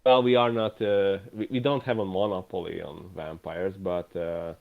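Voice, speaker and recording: A man's voice: low-pitched, fairly even intonation, moderate pace, vocal fry. A man from Europe, a podcast guest who hesitates and searches for words. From Eastern Europe. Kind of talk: casual podcast chat. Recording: slightly dull lo-fi mic.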